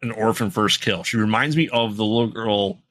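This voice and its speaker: Relaxed lower-voiced man, dry and bright. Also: a little fast, no room sound. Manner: laid-back, short agreeing interjections, dry jokes. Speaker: podcast co-host. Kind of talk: casual horror movie chat.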